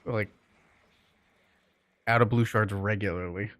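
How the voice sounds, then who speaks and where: Male streamer, lowish voice, dry close sound, loose rambling chat with viewers. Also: steady tone, slow pace, a bit bright, no room sound. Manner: loose, rambling, lots of fillers. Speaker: game streamer.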